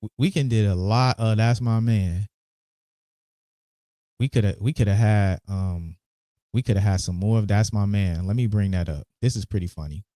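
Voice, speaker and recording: A man's voice: fairly low pitch, normal speed, dark tone, dry recording. A man hosting a casual sports podcast, laid back, repeating words and restarting often. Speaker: podcast host.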